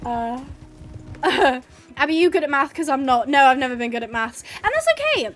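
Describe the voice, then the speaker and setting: A woman's voice: high voice, sing-song, moderate pace, a bit bright, faint music behind. A woman chatting casually and laughing while playing a horse game as a streamer. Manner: chatty, giggly, rambling. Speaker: gaming streamer.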